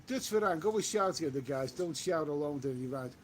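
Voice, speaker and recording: A man's voice: fairly high pitch, lively intonation, fairly quick, slight background noise. A man chatting casually on a live stream while out walking, reading viewer comments aloud and repeating himself. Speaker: travel vlogger reading live chat. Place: outdoors on a walk.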